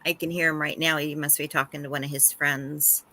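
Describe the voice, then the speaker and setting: Low, bright-toned woman. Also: level tone, fairly quick, slight background noise. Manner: chatty and open, talks as a parent. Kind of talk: casual chat.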